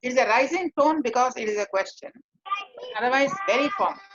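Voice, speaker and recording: Female English teacher, patient classroom explainer, demonstrates lines with big pitch jumps, dull lo-fi recording. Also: over music. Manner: explains slowly, acts out short example lines with marked pitch swings. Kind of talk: classroom lesson on intonation.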